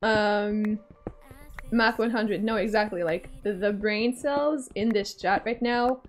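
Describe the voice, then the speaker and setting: A young adult woman streams from home on a desk microphone, chatting casually, reading her chat aloud and teasing viewers playfully with frequent laughter. Her voice is medium-pitched and slow, with soft background music behind it.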